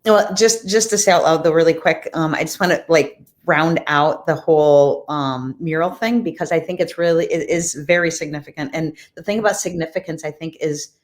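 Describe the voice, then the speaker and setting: Woman, lowish voice, podcast guest, animated storyteller, quotes people with feeling. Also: normal speed, hardly any pauses. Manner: animated, acts out quoted dialogue. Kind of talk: casual storytelling.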